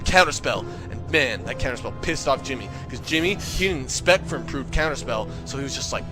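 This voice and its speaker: A young man telling a comic gaming story as a rant, jumping into loud quoted voices. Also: medium pitch, fairly quick, hardly any pauses, music in the background. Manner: animated, swings into shouted quoted voices. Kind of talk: comedic gamer rant.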